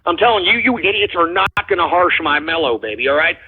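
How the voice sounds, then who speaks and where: A man's voice: on the high side, lively intonation, fast, breathy edge. A Texan man hosting a call-in radio show, brash and combative with callers. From Texas. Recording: muffled, phone-like radio stream.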